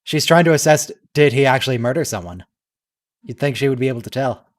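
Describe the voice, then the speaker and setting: A man's voice: mid-range voice, quick pace. Joking man in casual group chat. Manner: joking, acts out characters' lines mockingly. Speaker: watch-along participant. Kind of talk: casual chat over a voice call.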